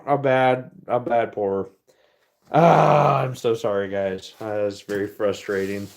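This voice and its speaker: A man's voice: lowish voice, gravelly, a little mellow. A man hosting a casual livestream, chatting to viewers in an easygoing way while he works at his furnace and reads comments. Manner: slow, easygoing, talks to chat while working. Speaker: livestream host.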